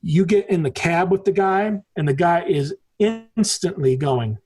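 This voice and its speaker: Man, 40s, from the United States, podcast guest, husky, rambling, emphatic, swears often. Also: high voice, lively intonation, a little slow, a little mellow. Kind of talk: casual conversation.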